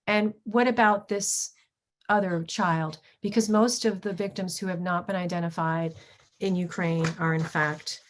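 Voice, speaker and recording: A middle-aged woman, a history professor, giving a lecture with slides, pausing often on ums and restarting her sentences. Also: fairly low pitch, fairly even intonation. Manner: halting, frequent ums and restarts.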